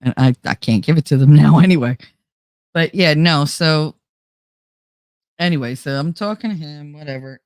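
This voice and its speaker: In a clean, studio-quality recording with no room sound, a low-pitched woman hosts her own show and casually retells a story, animatedly quoting what was said. She talks at normal speed with long pauses and is feeling unwell.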